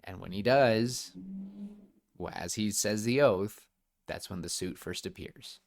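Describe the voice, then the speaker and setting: Speaking a bit slowly in a fairly low voice, this young podcast co-host keeps the chat casual and enthusiastic. His talk wanders, packed with fillers and restarted sentences.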